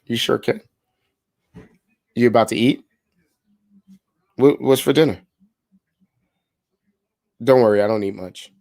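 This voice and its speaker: A man's voice: mid-range voice, takes it slowly, creaky, long pauses, darkish tone, no echo. A man in a casual, upbeat style making live sales phone calls and coaching the audience between them, often repeating words as he restarts.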